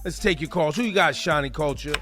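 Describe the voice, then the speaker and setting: A man hosting a morning radio show in the studio, with a voice sitting a little high for a man. He talks in an emphatic, animated way and circles back over his own phrases, with faint music under the talk. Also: fast. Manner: animated, emphatic, repeats himself. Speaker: radio host.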